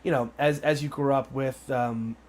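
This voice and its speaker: A man's voice: medium pitch, fairly even intonation, normal speed, darkish tone, slight background noise. A man hosting an interview show from his small home studio, chatty and eager, often tripping over his words. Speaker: podcast host. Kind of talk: casual interview chat.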